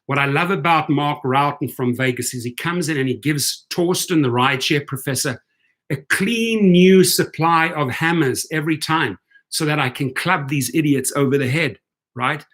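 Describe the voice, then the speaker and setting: Sarcastic man ranting, bright-voiced. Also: fairly high pitch, normal speed. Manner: sarcastic, heated. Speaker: rideshare commentary host. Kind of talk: live-stream rant.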